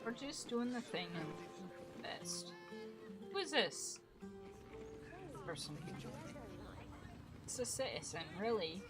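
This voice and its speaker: A woman's voice: medium pitch, big pitch swings, takes it slowly, long pauses, over music. A young woman casually commenting while she plays a video game, self-deprecating and chatty, swearing now and then. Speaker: gaming streamer. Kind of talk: casual let's-play commentary.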